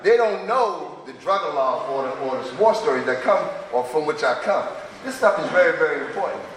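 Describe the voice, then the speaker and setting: Animated and a little fast, a middle-aged man with a fairly high, slightly bright voice shares raw, profane tales from his past at a twelve-step recovery meeting. He's a street-talking storyteller speaking in a large meeting hall, caught by a distant mic in an echoey space with a little hiss or hum.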